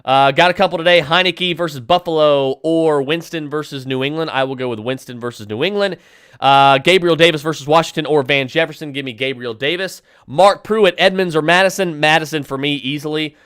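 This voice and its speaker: A man's voice: fairly high pitch, brisk, a bit bright, smooth, no room sound, clean studio sound. A man hosting a podcast and firing off fantasy football advice, with emphatic, decisive picks broken up by fillers and restarts. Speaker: podcast host answering listener questions.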